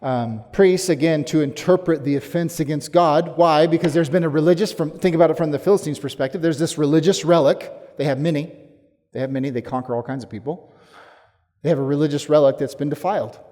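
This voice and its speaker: A man preaching a sermon as pastor, emphatic, rising to forceful challenges and then dropping low. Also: brisk. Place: church sanctuary. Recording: long hall reverb.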